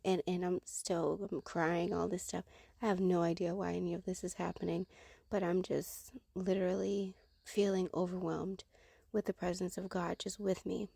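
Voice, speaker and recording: Woman for a faith testimony, low-pitched, mellow and gravelly, dry close sound, earnest storyteller. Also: little pitch movement, normal speed, dry recording. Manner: earnest, conversational, acts out her own past reactions. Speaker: Christian sharing a personal testimony.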